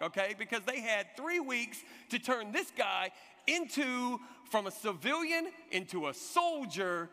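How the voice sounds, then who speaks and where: A man in his forties preaching a sermon, telling stories with energy and leading the congregation in call-and-response. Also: high voice. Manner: animated storytelling with call-and-response. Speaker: pastor. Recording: long hall reverb.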